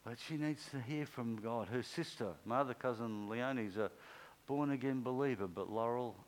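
A man's voice: moderate pace, low-quality recording. Man preaching a conversational sermon. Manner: conversational, acts out quoted speech with pitch swings. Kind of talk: informal sermon.

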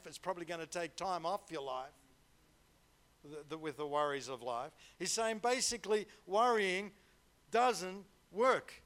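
High-voiced preacher. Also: male voice, moderate pace, fairly bright tone. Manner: conversational, repeats words and asks 'right?' often. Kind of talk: sermon.

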